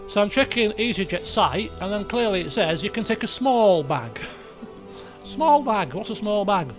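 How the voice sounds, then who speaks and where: A man with a notably high voice rambles through an animated personal anecdote, stopping and restarting his sentences. Faint music plays softly behind him. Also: slow, long pauses. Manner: animated storyteller, many restarts and asides. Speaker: let's play host.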